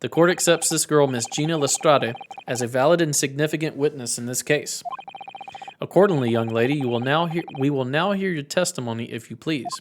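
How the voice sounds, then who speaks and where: A man's voice: medium pitch, fairly quick, noisy background, close to an everyday voice. A man reading the lines of a stern elderly judge from a courtroom video game, in a plain, slightly raised voice. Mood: formal. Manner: read aloud plainly, a little raised. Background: faint game music.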